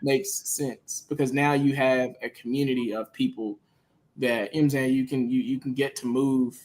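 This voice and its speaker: A man's voice: medium pitch, fairly even intonation, moderate pace, a little mellow. A man speaking as a podcast guest, laid-back and reflective, laughing easily. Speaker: guest, media company co-founder. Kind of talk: casual podcast conversation.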